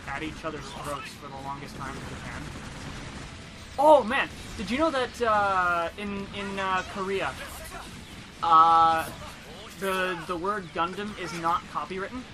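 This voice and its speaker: A young man co-hosting a let's play, excitable, with loud outbursts and frequent laughter. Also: high voice, measured pace, background noise. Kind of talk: casual gaming commentary.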